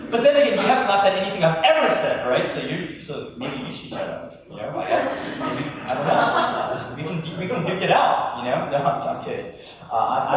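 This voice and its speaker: Lively man talking in an echoey hall. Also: sits high, recorded from a distance, slight background noise. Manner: animated, self-deprecating, joking with the crowd. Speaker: youth speaker. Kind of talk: humorous talk to a live audience.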